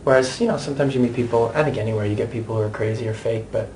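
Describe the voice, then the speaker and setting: American man, thirties, stage actor, chatty and animated, candid interview, medium pitch, faint hiss behind. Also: very fast. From United States. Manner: chatty and animated, with many restarts and asides.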